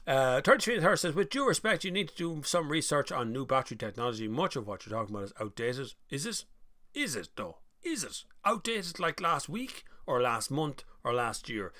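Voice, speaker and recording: A man's voice: mid-range voice, expressive, fairly quick, few pauses, pushed and bright, no room sound, clean studio sound. A man with an Irish accent hosting a live stream, chatting casually and reading out viewer comments, with mocking voices when he quotes people.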